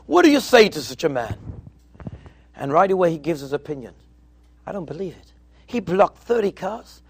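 A man's voice: high-pitched, dry recording. Man, rabbi, sermon, storytelling with acted-out dialogue, Hebrew and Yiddish terms, dry close sound. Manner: storytelling, acting out dialogue in quotes. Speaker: rabbi addressing yeshiva students.

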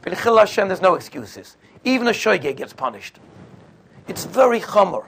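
Man, sermon storytelling, gravelly, higher-pitched, conversational. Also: very animated, normal speed, a bit bright, a little hiss or hum. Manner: conversational, sprinkles in Yiddish and Hebrew terms. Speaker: religious speaker.

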